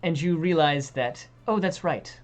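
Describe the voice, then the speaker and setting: A woman narrating as dungeon master of a tabletop game, pausing often with ums and uhs. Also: sits low. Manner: hesitant, many ums and uhs.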